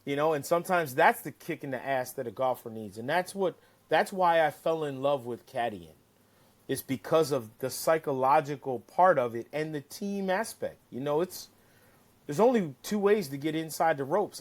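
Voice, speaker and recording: A man telling a casual, animated story as a guest, cursing freely and acting out what people said. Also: a little high, normal speed. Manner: animated, profane, acts out quotes. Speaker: caddie-turned-broadcaster guest.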